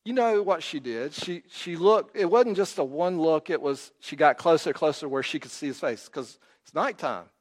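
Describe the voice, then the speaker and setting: A man's voice: on the high side, lively intonation, moderate pace, hardly any pauses. Man preaching in a reverberant hall. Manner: storytelling, acts out quotes, rises and drops in volume. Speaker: pastor. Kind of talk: sermon.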